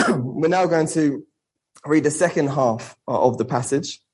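A man preaching a sermon and reading a Bible passage, earnest, with rhetorical questions and slowing down for emphasis. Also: fairly high pitch, darkish tone, rough recording.

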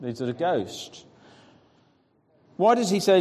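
A man's voice: mid-range voice, unhurried, darkish tone. Man reading scripture in an echoing hall. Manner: questioning the audience, encouraging. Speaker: preacher. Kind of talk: scripture reading and interactive teaching. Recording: long reverb of a large hall.

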